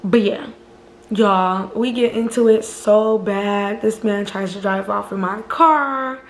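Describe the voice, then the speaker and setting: It's a slow-paced, animated storytime chat from a female vlogger who curses a lot and keeps saying "y'all" to her audience. Her voice sits at a medium pitch, with reverberant room echo and a faint hiss or hum.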